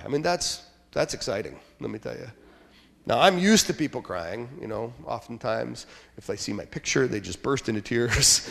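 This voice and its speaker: Gravelly-voiced pastor preaching in a reverberant church. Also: male voice, mid-range voice. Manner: conversational, joking, with sudden quiet asides. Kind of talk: sermon. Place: church sanctuary. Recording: long church hall reverb.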